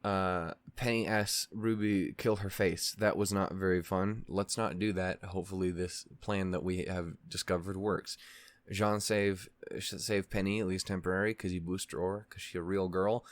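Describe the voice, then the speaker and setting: A man's voice: deep voice, steady tone, normal speed. A man hosting a reaction channel, casually recapping a show in a rambling way, with lots of fillers, restarts and swearing.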